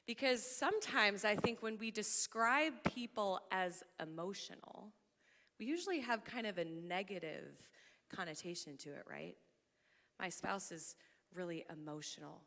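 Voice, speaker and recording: A woman preaching a sermon, her voice bright and forward as it carries through a large church hall with a long reverb. She talks animatedly, growing loud when excited and laughing often. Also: medium pitch, moderate pace. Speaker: church speaker. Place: church auditorium.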